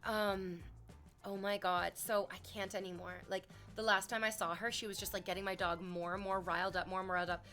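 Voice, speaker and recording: A woman's voice: mid-range voice, flat delivery, fairly quick, fairly bright tone, faint music behind. A young woman streaming, chatting casually with her viewers and telling a story with playful quoted voices. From Canada.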